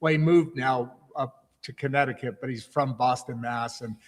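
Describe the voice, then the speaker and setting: A man's voice: mid-range voice, steady tone, normal speed, long reverb tail. A man hosting a livestream interview, chatty and rambling, often restarting his sentences. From United States. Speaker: host.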